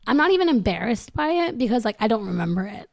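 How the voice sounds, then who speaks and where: A woman's voice: a little high, fast, creaky. A young woman chatting casually as a podcast guest, telling a story full of "like" and acting out what people said. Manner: animated, full of "like", acts out quotes.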